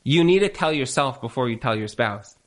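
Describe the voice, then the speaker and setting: A man's voice: mid-range voice, animated, a little fast. A man giving marriage advice to a live audience on a handheld mic, emphatic and repetitive, full of rhetorical questions. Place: event room with an audience.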